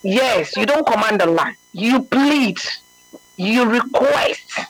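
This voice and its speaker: A man's voice: very high-pitched, lively intonation, slow, a bit bright, dry recording, low-quality recording. A man giving a conversational religious talk, earnest and emphatic, often checking that the listener understands. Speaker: religious speaker.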